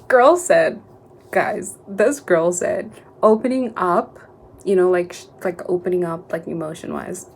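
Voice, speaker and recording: A woman's voice: lowish voice, a little slow, darkish tone, a little hiss or hum. A young woman vlogging casually about a book she is reading, talking in an emotional, slangy, gushing way.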